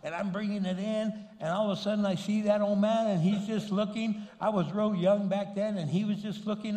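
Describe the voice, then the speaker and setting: A middle-aged man, a pastor, telling a story in a sermon with lively delivery and Spanish interjections. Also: high-pitched, a little fast, hardly any pauses. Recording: long hall reverb.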